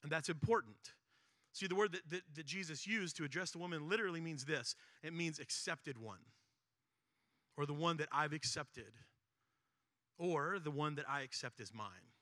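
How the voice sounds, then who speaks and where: A man preaching a sermon in a casual, conversational way, often checking in with "right?" and swinging between loud stretches and hushed ones. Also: on the high side, moderate pace, no echo, studio quality. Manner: conversational, keeps asking "right?". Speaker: pastor.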